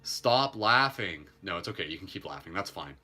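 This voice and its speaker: A man hosting a live guided meditation, speaking gently and calmly with playful asides. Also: sits low, normal speed, soft background music. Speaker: meditation host.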